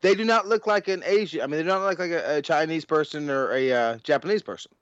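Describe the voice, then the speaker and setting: A man's voice: on the high side, fast talker, no echo, lo-fi sound. A man hosting a casual podcast chat, rambling through questions with frequent laughs and restarts. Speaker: podcast host.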